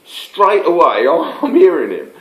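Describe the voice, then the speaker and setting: A man's voice: fairly high pitch, wildly swooping pitch, takes it slowly, fairly bright tone. An older man, rambling through a casual spoken anecdote with plenty of fillers and restarts. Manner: rambling, stop-start, many fillers. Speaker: storyteller. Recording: roomy echo.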